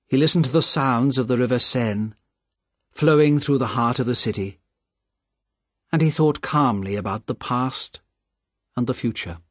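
A man giving a slow, deliberate, expressive storybook narration. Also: mid-range voice, dry recording, clean studio sound.

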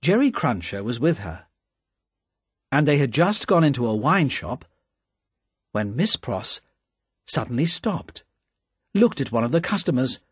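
Slow, husky male storyteller. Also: medium pitch, no echo, studio quality. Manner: slow, clear, expressive reading. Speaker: narrator. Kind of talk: storybook narration.

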